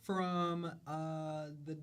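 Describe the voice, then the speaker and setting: A man's voice: a little high, level tone, extremely slow, a bit bright, smooth. A man hosting a show, talking casually and profanely about runway looks, repeating phrases and trailing off. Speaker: show host. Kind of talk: casual fashion commentary.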